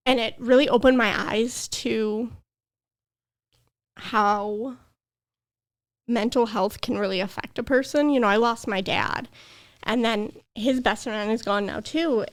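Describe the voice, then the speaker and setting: A young adult woman, a podcast guest, earnestly telling a personal story with emotion. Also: on the high side. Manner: earnest, emotional, tearful at times.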